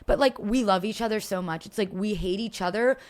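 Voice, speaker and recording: A young woman from Philadelphia chatting as a podcast guest, animated, cursing freely and laughing often. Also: mid-range voice, brisk. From Philadelphia, USA. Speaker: podcast guest, content creator. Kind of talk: casual chat.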